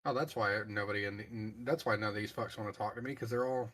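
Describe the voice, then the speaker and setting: A man's voice: fairly low pitch, fairly even intonation, quick pace, fairly bright tone. A man chatting casually as a fellow flight-sim controller, blunt and defensive and swearing freely. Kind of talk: casual chat.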